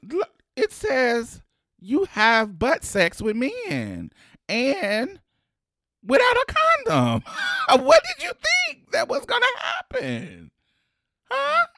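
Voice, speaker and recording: A brash, scolding nurse voiced by a podcast host shrieks far above her normal range, her lines swooping wildly up and down. The delivery is bright and biting, and she yells and laughs through each line. The sound is close and dry. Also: mid-range voice, wildly swooping pitch, extremely slow, no room sound, pitched above the performer's own voice, heavily acted. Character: blunt, sassy female nurse giving test results.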